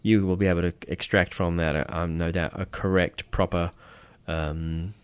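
Deep-voiced Australian man, rambling. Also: steady tone, normal speed, clear, resonant tone, no room sound. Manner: rambling, hesitant, lots of fillers and restarts; self-deprecating. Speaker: podcast co-host. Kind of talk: casual chat.

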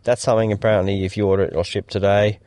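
A man's voice: on the low side, little pitch movement, racing, darkish tone, no echo, studio quality. A man co-hosting a casual tech podcast, rambling with many fillers and restarts. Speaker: podcast co-host.

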